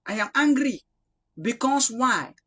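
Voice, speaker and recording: A young Cameroonian man from the Northwest preaching a prophetic sermon, swinging from loud rebuke to quiet prayer. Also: very high voice, lively intonation, unhurried, slightly rough. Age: young adult.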